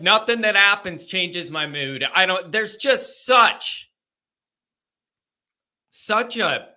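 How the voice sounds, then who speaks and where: A man's voice: high-pitched, sharp tone. A man hosting a live call-in stream, chatting casually and candidly with his viewers in a rambling way. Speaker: live-stream show host.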